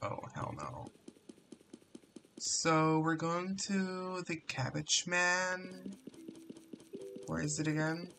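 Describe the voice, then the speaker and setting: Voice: medium pitch, animated, drawn-out words, creaky, long pauses, sharp tone, slight background noise. A channel host giving casual commentary while playing an online game, who mumbles and often trails off into exasperated exclamations. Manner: frequent exasperated exclamations and swearing. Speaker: Roblox gameplay streamer.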